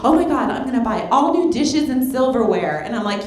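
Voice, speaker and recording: A woman comedian doing a stand-up set, fast and brassy, acting out quoted voices. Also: a little high, sing-song. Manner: rapid, brassy delivery with big quoted voices. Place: comedy club stage. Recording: echoey club with audience laughter.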